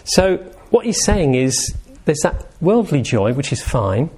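A man giving an informal talk on meditation, gentle and conversational, often asking his listeners questions. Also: on the high side, very animated, measured pace, slightly rough. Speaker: meditation teacher.

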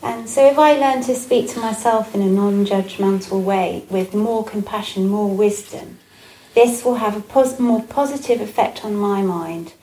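A woman giving a Buddhist dharma talk, gentle and reflective, with frequent pauses and fillers. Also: mid-range voice. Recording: echoey room with faint ambience.

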